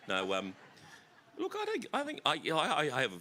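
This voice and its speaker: A middle-aged Australian man speaking as a guest in an onstage conversation, animated and self-deprecating, often stammering and restarting. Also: mid-range voice, brisk, a little hiss or hum. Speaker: festival guest actor. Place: festival stage.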